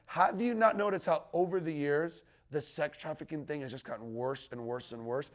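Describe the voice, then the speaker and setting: A man whose voice is on the high side speaks at a moderate pace while teaching a live group about the biblical end times in a teaching room. He's conversational, checks in with those present, and quotes scripture with rising emphasis.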